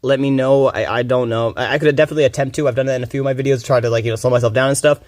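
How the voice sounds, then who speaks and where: A man streaming a game, talking fast and rambling with a lot of swearing, a bit groggy from little sleep. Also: mid-range voice, fairly even intonation, a little mellow, dry recording, studio quality. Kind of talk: casual rambling commentary.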